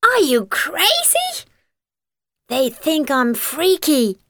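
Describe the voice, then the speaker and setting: An excitable young schoolgirl from a children's storybook, voiced by a woman, pitched high and swinging wildly between notes. Her lines come out as dramatic exclamations. The sound is close and dry. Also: takes it slowly, no room sound, exaggerated voice. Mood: alarmed.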